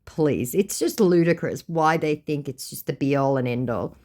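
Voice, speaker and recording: A woman's voice: low voice, unhurried, darkish tone. An Australian woman hosting a channel, retelling chats in a blunt, sarcastic storytelling manner. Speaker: scambaiting channel host.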